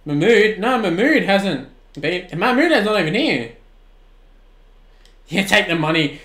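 Excitable Australian streamer in his twenties. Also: high voice, measured pace, echoey room. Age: 20s. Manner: excitable, swings from shouting at the game to relaxed chat. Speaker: gaming streamer. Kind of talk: live-stream commentary and chat replies.

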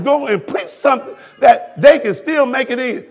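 A man, a pastor preaching a sermon, swinging between hushed talk and shouted lines that he repeats to the congregation. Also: extremely high pitch, normal speed, vocal fry, few pauses, some chatter behind. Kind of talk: fiery sermon. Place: church sanctuary.

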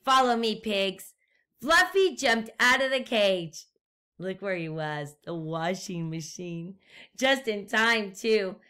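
A woman teacher reading a storybook aloud to young children and asking them gentle questions. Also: mid-range voice, animated, clear, resonant tone. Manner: gentle, slow, questions to the listener.

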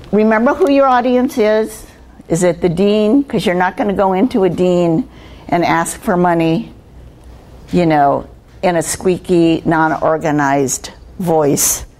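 An older woman, a guest speaker on communication skills, gives students a conversational workshop talk. Her voice sits in the mid range with a slightly mellow quality, and she poses rhetorical questions to them.

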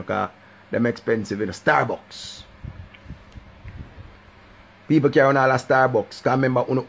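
A man with a Jamaican accent, talking in patois on his live stream in an animated, sing-song way and often repeating a catchphrase. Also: mid-range voice, gravelly. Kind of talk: casual live-stream rant.

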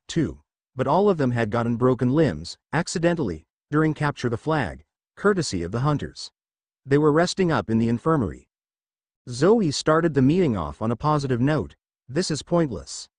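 A man narrates a fantasy story in the first person, with a lively pitch that rises and falls through each sentence. The recording is close and dry, with no room sound, and he reads every character in the same steady voice. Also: no room sound.

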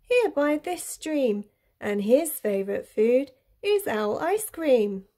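A woman's voice: high-pitched, sing-song, slow, warm tone, exaggerated voice. A woman voicing a boastful, clever little male mouse in a sing-song rhyming manner. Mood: cheeky.

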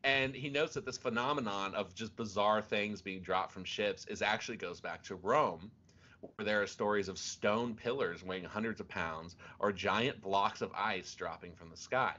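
A man co-hosting a podcast with a bright, forward voice that sits fairly low. He retells odd stories in animated, casual chat, often laughing and restarting his sentences. The sound is muffled and lo-fi. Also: normal speed. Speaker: podcast co-host. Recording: dull lo-fi sound.

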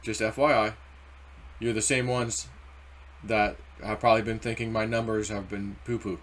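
A man's voice: lowish voice, moderate pace. Rambling man talking crypto. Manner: rambling, animated, acts out quoted voices. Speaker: crypto video host. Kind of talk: casual market commentary.

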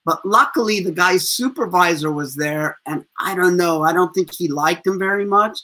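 A man's voice: high-pitched, moderate pace. A man in his fifties, a street performer telling profane stories with lots of laughter as a guest. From USA. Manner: animated, profane, laughs often. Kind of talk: casual storytelling interview.

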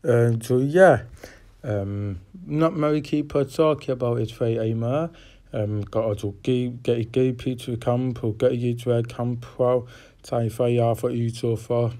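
A slow-talking boxing fan with a mellow, mid-range, steady voice gives fight predictions in a casual, rambling preview. His delivery is profane and halting, full of fillers.

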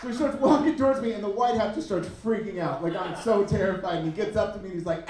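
Guy in his 30s doing stand-up, super animated, echoey club sound from a ways off. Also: quick pace, few pauses, distant mic. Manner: animated, swings pitch up for punchlines. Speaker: stand-up comedian. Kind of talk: stand-up comedy set. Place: comedy club stage.

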